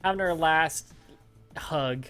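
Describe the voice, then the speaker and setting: A man hosting a casual podcast chat, animated and quick to laugh, with a casual swear here and there. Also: fairly high pitch, smooth, soft background music. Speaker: podcast host.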